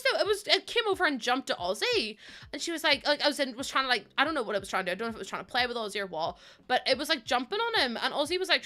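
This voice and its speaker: A woman with a high, bright, forceful voice is live-streaming a game from home on a desk microphone. She chats casually, meandering through stories and filling gaps with lots of fillers.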